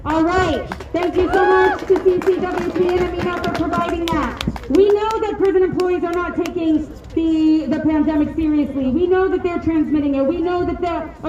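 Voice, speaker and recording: A woman emceeing an outdoor protest rally, introducing speakers in a brisk, rousing way. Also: very high-pitched, lo-fi sound. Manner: brisk, rousing, announcing to a crowd. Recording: echoey open-air PA with crowd noise.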